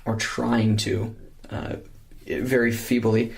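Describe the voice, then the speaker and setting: With a level, gravelly voice, a man takes his time while co-hosting a laid-back podcast chat. He kids around and occasionally switches into silly high voices and impressions.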